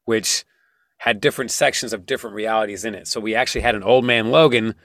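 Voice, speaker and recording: A man in casual podcast chat, explaining and riffing in an animated, profane way. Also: fairly low pitch, quick pace, no echo, studio quality.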